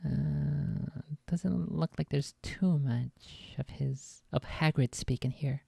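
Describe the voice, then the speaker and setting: A woman's voice: low voice, slow pace, vocal fry, mellow, breathy edge, dry recording. A woman streamer reading a book aloud, stumbling over lines and breaking off with casual asides.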